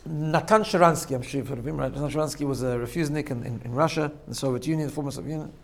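A man's voice: a little high, rapid-fire, vocal fry. Storytelling man teaching a class. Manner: storytelling, checks in with "right?", laughs at own jokes. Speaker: religious teacher. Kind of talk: informal sermon.

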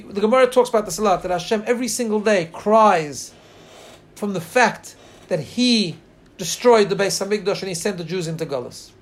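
Man teaching a Midrash in a high voice. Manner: earnest, mixes Hebrew readings with English translation; slows and lifts his voice when reading lines. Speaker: Torah teacher.

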